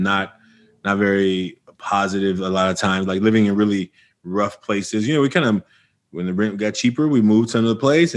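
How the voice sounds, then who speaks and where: A middle-aged man from Oakland, California, telling his life story as a podcast guest and acting out old conversations with energy. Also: lowish voice. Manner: animated storyteller acting out past dialogue. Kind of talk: storytelling interview.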